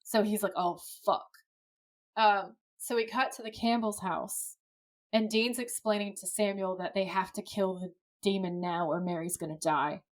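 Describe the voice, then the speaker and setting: A woman talks through a TV episode beat by beat on a podcast, chatty and lively. Her delivery is relaxed and conversational, with the occasional swear dropped in. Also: mid-range voice, moderate pace. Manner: lively play-by-play retelling, casual swearing. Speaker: podcast co-host. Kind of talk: casual episode recap.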